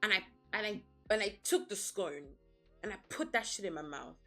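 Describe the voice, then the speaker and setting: A woman's voice: medium pitch, lively intonation, moderate pace, a bit bright, faint music behind. A woman streaming as a VTuber, chatting casually in a blunt, profane, playfully dramatic way and laughing often. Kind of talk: casual livestream chat.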